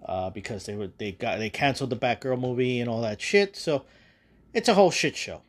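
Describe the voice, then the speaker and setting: Guy on his podcast rambling thru a movie spoiler review, cussing a lot, middle pitched voice. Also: expressive, a little fast. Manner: profane, rambling retelling with quoted lines. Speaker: podcast host.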